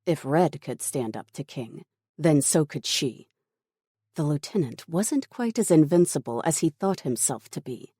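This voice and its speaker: Slow, dark-toned audiobook narrator. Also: medium pitch, animated, slightly rough, no echo, clean studio sound. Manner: measured, dramatic storytelling.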